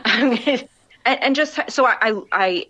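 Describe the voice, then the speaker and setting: A woman's voice: fairly high pitch, moderate pace, bright, forceful tone, dull audio. A woman guest on a podcast, chatting in a laid-back way with many restarts. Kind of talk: casual chat.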